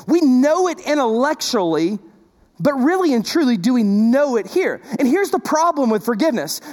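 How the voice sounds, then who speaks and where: A man preaching a sermon with a strikingly high, lively voice that swoops up and down. He talks to the congregation in a conversational, emphatic way, repeating himself and adding asides, and his voice rings out with a long reverb in a large church hall. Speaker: pastor.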